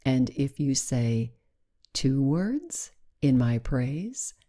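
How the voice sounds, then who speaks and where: A woman voicing a proud, cunning female wild cat in a slow, deliberate storybook reading. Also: extremely low pitch, very animated, warm tone, full character voice. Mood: coaxing.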